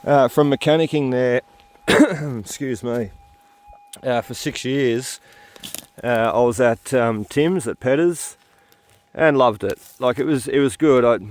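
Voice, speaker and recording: A man's voice: medium pitch, darkish tone. Tired guy rambling while metal detecting outside, lots of ums and restarts. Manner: halting, full of fillers and restarts. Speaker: metal detecting channel host. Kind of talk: rambling casual vlog talk while detecting.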